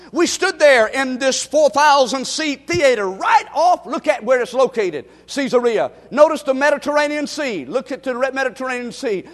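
High-voiced preacher in a reverberant sanctuary. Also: male voice, a bit bright. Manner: call-and-response exhortation, rhetorical questions. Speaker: pastor. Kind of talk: sermon. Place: church sanctuary with congregation. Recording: long reverb of a large hall.

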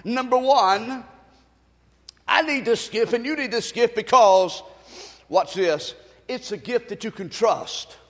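A man preaching a sermon, leading the congregation to repeat after him and building to shouts. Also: very high-pitched, slow, pauses often. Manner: call-and-response preaching, rising to shouts. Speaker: pastor. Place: church sanctuary. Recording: long reverb of a church hall.

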